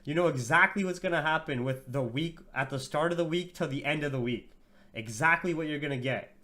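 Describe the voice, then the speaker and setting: Man, tired livestream host, casual and profane, slangy market chat, slightly high voice. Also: brisk, pushed and bright. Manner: profane, slangy, chats with viewers as "bro".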